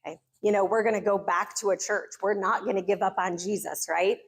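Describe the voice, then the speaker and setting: A middle-aged American woman speaking to a church gathering, telling a personal story in an earnest, animated way. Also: mid-range voice, brisk, slightly rough. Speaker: conference speaker. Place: church hall.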